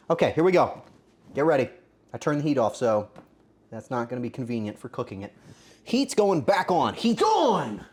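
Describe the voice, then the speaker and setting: A man streaming casually while cooking and tasting, joking crudely and bursting into loud exclamations. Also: mid-range voice. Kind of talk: casual cooking livestream chatter.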